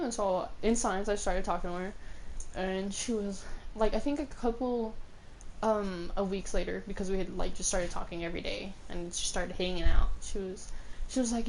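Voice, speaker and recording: A woman's voice: medium pitch, normal speed, slight background noise. A young woman streamer telling stories casually, rambling with lots of fillers, swearing freely and laughing often. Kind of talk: casual storytelling while gaming.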